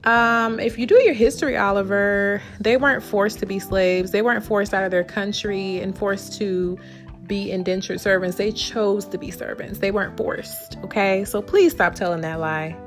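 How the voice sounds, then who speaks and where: A woman vlogging from home, telling a personal story in an animated, indignant way. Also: medium pitch.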